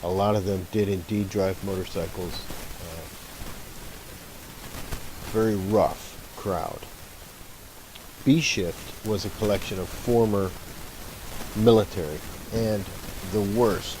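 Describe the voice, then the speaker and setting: Deep-voiced man, former fire lieutenant, casual storytelling, faint hiss behind. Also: takes it slowly, long pauses. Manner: relaxed, reminiscing, chuckling now and then.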